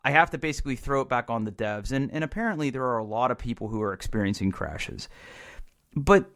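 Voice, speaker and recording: A man's voice: mid-range voice, expressive, a little fast, a bit bright. A man co-hosting a podcast in casual chat, rambling and frustrated, with many restarts. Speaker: podcast co-host.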